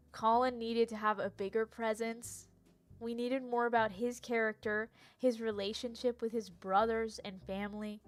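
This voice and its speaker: Soft music plays behind this young woman as she streams, chatting casually and ranting about TV shows with laughter and stumbled words. She speaks at a moderate pace in a fairly high, fairly even voice.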